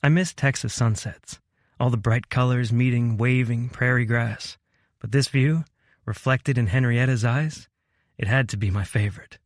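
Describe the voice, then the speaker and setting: A man narrating a first-person romance audiobook in a gentle, earnest manner, close on a studio mic. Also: mid-range voice, moderate pace, no echo.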